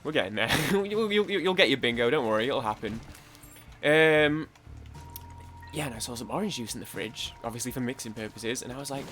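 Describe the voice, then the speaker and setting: A man's voice: mid-range voice, expressive, a little fast, fairly bright tone, soft background music. A young British man rambling chattily through casual let's-play commentary, full of fillers and swearing. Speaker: gaming YouTuber.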